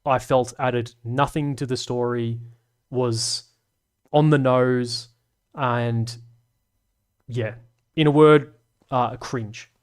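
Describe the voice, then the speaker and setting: Man, streamer host, loose rambly chat, fillers, mid-pitched voice. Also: steady tone, takes it slowly, long pauses, clean tone. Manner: rambling, self-deprecating, full of fillers. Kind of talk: casual live stream chat.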